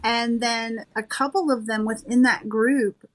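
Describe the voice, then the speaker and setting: A woman's voice: a little high, fairly even intonation, unhurried, poor audio. Woman, author guest, enthusiastic, modest, thoughtful, casual chat.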